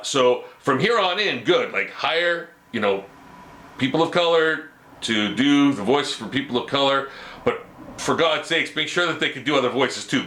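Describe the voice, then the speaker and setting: Rambling Canadian man with a bright voice. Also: medium pitch, roomy sound. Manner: rambling, frequent stammered restarts. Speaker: vlogger. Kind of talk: opinion rant to camera.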